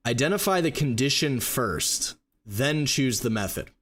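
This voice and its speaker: A man teaching trading live, walking through charts and rapidly acting out a confused trader's thoughts. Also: mid-range voice, animated, a bit bright. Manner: rapid, emphatic explaining with mock inner voices. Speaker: trading educator. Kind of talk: live stream chart walkthrough.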